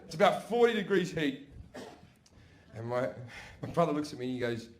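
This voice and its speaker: A stand-up comedian tells brash, profane stories on stage to a laughing audience. His voice is on the high side, sing-song and a little fast, with slight background noise.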